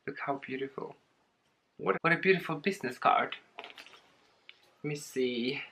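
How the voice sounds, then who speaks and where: A bright, animated woman with a low-set voice opens a package for her vlog. She gushes and giggles as she goes and talks slowly. Her tone is light and eager throughout. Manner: excitable, giggly, gushing. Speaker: plant vlogger. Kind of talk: casual unboxing vlog.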